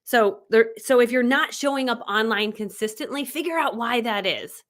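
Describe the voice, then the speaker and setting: A woman's voice: on the high side, moderate pace, a bit bright. A woman in her forties giving a chatty, enthusiastic coaching talk on a livestream. She laughs often and acts out quotes. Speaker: online business coach. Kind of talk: live-streamed coaching talk.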